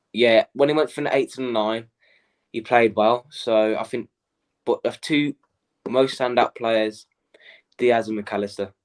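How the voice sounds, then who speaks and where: Hesitant man thinking aloud about football. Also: medium pitch. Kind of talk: casual fan chat.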